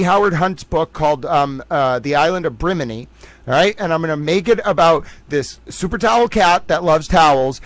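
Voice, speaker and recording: A man's voice: on the high side, no echo, poor audio. Playful man hosting a livestream chat. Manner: playful, rambling, jokey asides to chat. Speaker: livestream host. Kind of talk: casual chat reading viewer comments.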